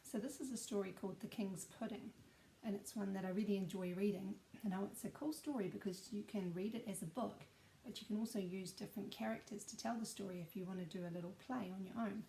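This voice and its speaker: A woman teacher, reading a story aloud and leading a sing-along for young children, gentle and clear. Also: medium pitch, steady tone, fast, a little hiss or hum.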